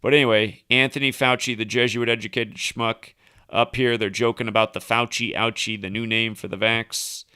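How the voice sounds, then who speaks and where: A man's voice: medium pitch, steady tone, moderate pace, bright, forceful tone, clean tone, no echo, clean studio sound. A man hosting a solo livestream, rambling through a chain of number links with casual asides. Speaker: livestream host.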